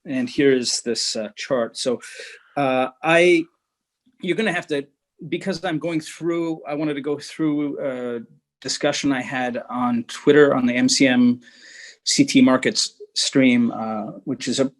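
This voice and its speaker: A man speaking as a guest market analyst over a video call, talking in halting bursts with many fillers and restarts. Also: medium pitch, rough recording. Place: Munich, remote.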